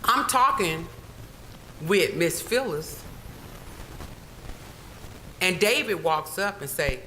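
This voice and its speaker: A woman's voice: lowish voice, animated, takes it slowly, bright, forceful tone, a little hiss or hum, rough recording. A woman giving an emphatic public comment at a board meeting, telling her story and repeating key phrases. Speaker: public commenter, former employee.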